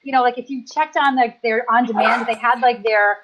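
A woman's voice: fairly high pitch, fairly even intonation, fairly quick, a bit bright. A woman co-hosting a casual online chat, friendly and chatty. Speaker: co-host. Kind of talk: casual chat on a video call. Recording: dull lo-fi web call audio with faint noise.

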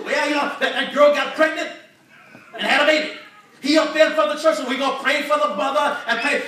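Older man, preacher, folksy humorous sermon, high voice, big reverberant church, congregation murmuring behind. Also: fast, bright, forceful tone, a faint crowd. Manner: folksy, humorous storytelling with colloquial speech. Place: church sanctuary. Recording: echoey church recording from far off, congregation audible.

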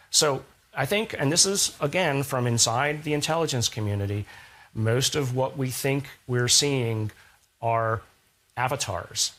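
A man's voice: medium pitch, fairly bright tone. A man being interviewed as a scientist guest, explaining ideas through analogies and rhetorical questions in a thoughtful, conversational way.

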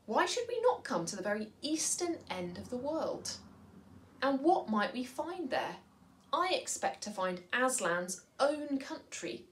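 A noble, courageous male mouse from a children's storybook speaks with earnest solemnity, as a woman reads his lines. The delivery is slow and unhurried. It often sinks to a near-whisper. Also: high voice, very animated, a little hiss or hum. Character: brave, noble, courtly male talking mouse.

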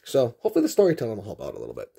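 Speaking at a racing pace with vocal fry and a slightly rough, lowish voice, this middle-aged Massachusetts man opens card packs on video. Between packs he rambles through a long childhood story, full of fillers and animated in tone.

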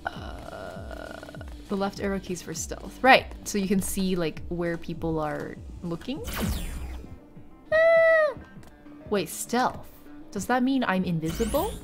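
A woman streaming a game, chatting casually, thinking out loud and reading game text aloud. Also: lowish voice, big pitch swings, measured pace, over music. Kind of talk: casual live-stream chat.

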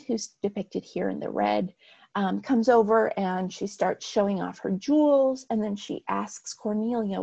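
Woman lecturer walking through slides, kinda husky and gravelly, says um a lot. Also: mid-range voice, warm tone, muffled recording. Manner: explanatory, frequent "um" and "right". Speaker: art history lecturer.

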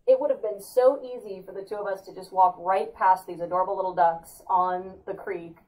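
A woman's voice: brisk, low-quality recording. Playful, upbeat woman host. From California. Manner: upbeat, playful, jumps into high excited put-on exclamations. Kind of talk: casual weekly spiritual talk.

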